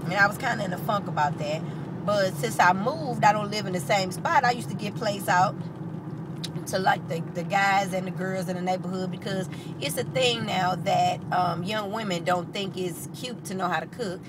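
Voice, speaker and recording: A woman with a St. telling a personal story in a casual, animated, profane way. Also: medium pitch, normal speed, heavy background noise.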